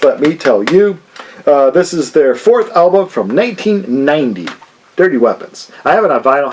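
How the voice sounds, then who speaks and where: A man's voice: medium pitch, a little hiss or hum. A man hosting his own record-collecting channel, chatting casually and jokingly about a haul of CDs and vinyl, with lots of fillers. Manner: rambling and jokey, many fillers.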